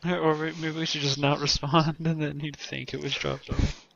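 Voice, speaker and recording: A man's voice: on the high side, level tone, moderate pace, vocal fry, a bit bright, highs cut off. A man chatting casually over a voice call, amused and giggling often. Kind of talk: casual online group chat.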